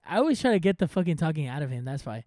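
A young man telling work stories in loose, slang-heavy chat, swearing often. His voice is mellow and dark, a little higher than most men's. The sound is close and dry. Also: very animated, racing, dry recording. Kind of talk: casual chat.

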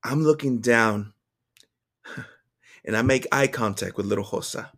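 A man reading his own journal entry aloud to viewers, earnest and emotional, with halting restarts. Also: mid-range voice, a bit bright. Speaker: vlogger.

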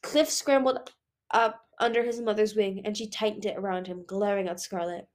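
Reading a fantasy novel as an amateur, a woman speaks in a slightly mellow, mid-range voice, with fairly even intonation at a normal speed. She often slips, stumbling and restarting words from time to time.

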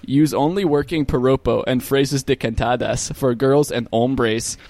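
A man's voice: medium pitch, steady tone, measured pace, darkish tone, no echo. A man in casual comedic chat, reading crude jokes aloud and laughing as he goes.

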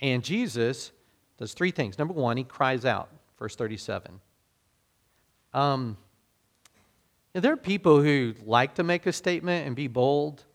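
A male pastor preaching in a loose, talky style, stopping to restart his thoughts and filling pauses with ums. His voice sits at a middling pitch. He explains scripture like he is chatting with his congregation. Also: animated. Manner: conversational, self-deprecating, many fillers and restarts. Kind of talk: sermon.

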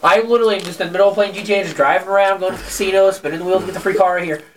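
A man's voice: high-pitched, very fast. A man co-hosting a podcast, casually telling profane gaming stories and laughing often. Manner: profane, animated storyteller who laughs often. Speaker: podcast co-host. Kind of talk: casual chat. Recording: somewhat distant mic with faint noise.

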